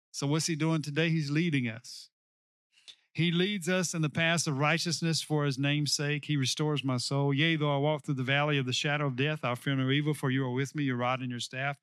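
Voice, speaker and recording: A male pastor preaching a sermon, slowing down to stress key lines and calling on the congregation to repeat after him. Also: a little high, fairly even intonation, a bit bright, no echo, clean studio sound. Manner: preaching with call-and-response to the congregation.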